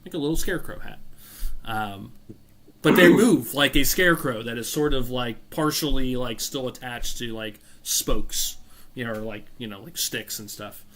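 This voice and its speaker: A man's voice: mid-range voice, moderate pace, a bit bright, a little hiss or hum. A man narrating a tabletop game as game master, rambling with fillers and self-corrections.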